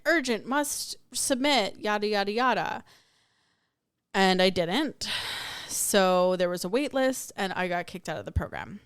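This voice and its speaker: Her voice fairly low, clear, and resonant, a young woman hosting a spiritual podcast candidly reflects on a personal story and performs the quoted voices. The recording is dry and studio quality.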